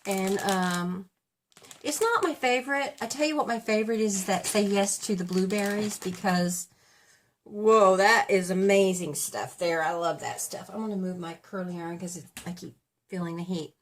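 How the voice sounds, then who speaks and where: A woman's voice: mid-range voice, moderate pace. Rambling chatty woman in her fifties. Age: 50s. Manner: rambling, chatty, self-correcting. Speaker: beauty vlogger. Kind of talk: casual chat.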